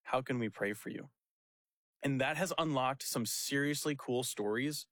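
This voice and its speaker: A man's voice: medium pitch, moderate pace, no echo. A young man, a pastor, telling a story in casual chat and acting out the quotes with laughs. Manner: animated, laughing storyteller who acts out quotes.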